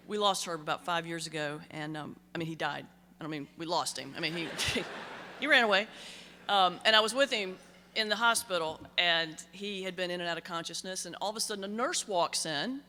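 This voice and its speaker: A woman's voice: fairly low pitch, a little fast, bright, forceful tone, slight background noise. A middle-aged woman minister giving a keynote speech, telling stories conversationally with comic timing. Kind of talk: humorous keynote storytelling. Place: large banquet hall. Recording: reverberant hall sound.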